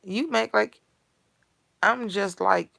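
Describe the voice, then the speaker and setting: A woman delivering a blunt, foul-mouthed comedic rant in streetwise slang that builds to shouting. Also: mid-range voice, slow pace, vocal fry, no echo. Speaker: character monologue performer.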